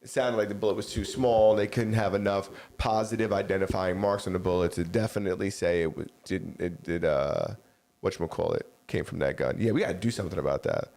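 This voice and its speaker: A man's voice: low voice, fast talker, gravelly, darkish tone. Rambling man co-hosting a casual podcast. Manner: rambling storyteller, many fillers like "like" and "you know". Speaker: podcast co-host.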